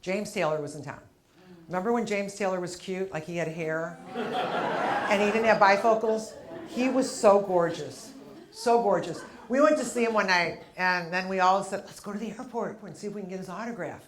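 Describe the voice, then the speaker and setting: Animated middle-aged woman doing stand-up. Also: mid-range voice, normal speed, a crowd in the background. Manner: animated storyteller acting out characters with big exclamations. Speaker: stand-up comedian. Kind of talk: stand-up routine.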